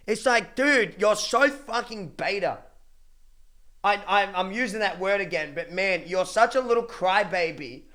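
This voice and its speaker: A man's voice: high-pitched, expressive, unhurried, bright, forceful tone. A young man ranting casually to his livestream chat, blunt and profane, with many restarts. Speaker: streamer.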